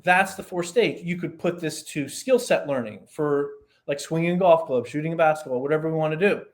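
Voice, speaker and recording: In laid-back podcast chat, a performance coach guest narrates a story, his voice animated and shifting up and down. He speaks a little high for a man and punctuates his explanations with fast asides.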